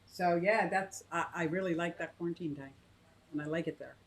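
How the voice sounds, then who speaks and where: A woman's voice: brisk, poor audio. A woman in her fifties talking casually about her fish tanks, thinking aloud with many restarts and asides. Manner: coos in a high sing-song to her pet bird. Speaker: aquarium vlogger. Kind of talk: casual chat to camera and live chat.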